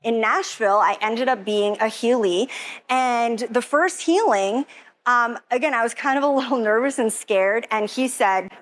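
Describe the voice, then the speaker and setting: A woman's voice: on the high side, normal speed. A young woman giving an emotional personal testimony, rambling and quoting her own thoughts with lots of "like". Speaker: testimonial speaker.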